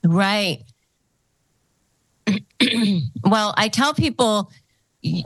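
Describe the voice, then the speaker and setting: A woman hosts a podcast interview, speaking at a medium pitch and a measured pace. She gives advice in an explanatory way, repeating key phrases for emphasis.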